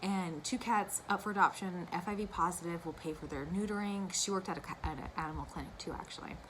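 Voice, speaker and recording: A woman's voice: on the low side, quick pace, noisy background. A young woman chatting casually to camera about her cross-stitch, gushing and wandering into asides. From United States.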